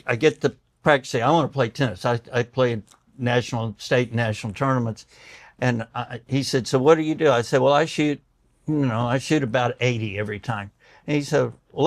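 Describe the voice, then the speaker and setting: At medium pitch with no echo, an older doctor speaks as a guest, telling stories in conversation. He animatedly performs the voices of the characters and tears up.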